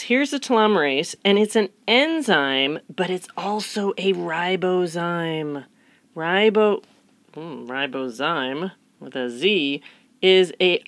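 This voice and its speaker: A woman recording a biology tutorial lecture in a playful, chatty way. She fires off rhetorical questions, answers them herself, and puts on mock excitement. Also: lowish voice, dry recording. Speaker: biology instructor.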